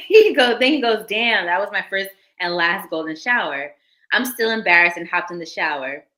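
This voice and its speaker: Woman, young adult, live stream host, bright voice, casual chat, reading stories aloud. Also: mid-range voice, big pitch swings, normal speed. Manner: casual, laughing asides to chat.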